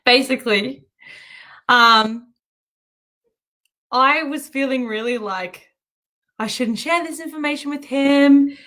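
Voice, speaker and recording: Giggly, chatty woman, fairly high voice. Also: slow pace, pauses often. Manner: giggly, breaks into laughter; chatty and animated, self-interrupting. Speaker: host. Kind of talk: casual storytelling monologue.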